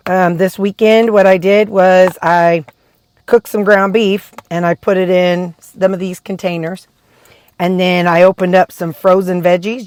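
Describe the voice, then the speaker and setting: A weight-loss vlogger chats casually about her meals, rambling and tasting the food as she goes. Her voice is medium-pitched and a little mellow.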